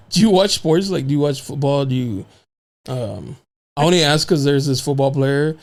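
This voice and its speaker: A man's voice: on the high side, a little slow. A man hosting a casual podcast, laid-back and joking with his guest. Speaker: podcast host. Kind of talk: casual chat.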